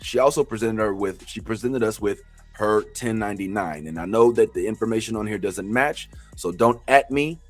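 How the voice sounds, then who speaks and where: A man teaching a tax preparation training class, animated and joking, with sudden preacher-like outbursts. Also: on the low side, normal speed, faint music behind.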